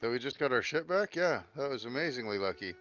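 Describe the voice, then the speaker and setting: A man's voice: medium pitch, lively intonation, quick pace, fairly bright tone, highs cut off, soft background music. A man playing in a tabletop game, joking around with emphatic, swear-heavy banter. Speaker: player.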